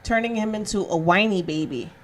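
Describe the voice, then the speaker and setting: Woman cohost on a wrestling podcast, mid-pitch, says how she sees it as a fan. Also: fairly quick, slight background noise. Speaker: podcast co-host. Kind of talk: casual wrestling chat.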